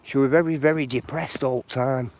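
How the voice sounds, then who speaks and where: A man's voice: medium pitch, steady tone, brisk, a little hiss or hum. A man chatting outdoors on a live walk, rambling and encouraging, with lots of "you know". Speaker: walking vlogger. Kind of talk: live walking chat. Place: outdoors on footpaths.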